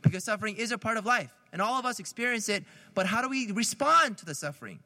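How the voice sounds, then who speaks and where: A man's voice: high-pitched, lively intonation, fast talker, pushed and bright, big-room sound. A man, a priest, giving a conversational sermon, asking the listeners questions and laughing lightly at his own jokes.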